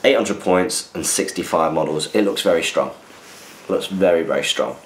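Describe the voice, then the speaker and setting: Low-voiced man chatting in a roomy space. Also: normal speed, slight background noise. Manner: chatty, reads listener messages aloud with asides. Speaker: podcast host answering listener questions. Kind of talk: casual chat. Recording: roomy echo.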